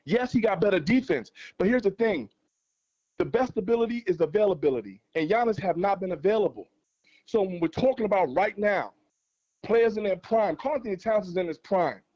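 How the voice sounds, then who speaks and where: A man's voice: high-pitched, animated, fairly quick, a little mellow, highs cut off. A man calling in to a sports show, arguing passionately and hammering his points through repetition. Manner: passionate, argumentative, repeats points for emphasis. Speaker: guest caller on a fan livestream. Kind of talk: heated sports debate.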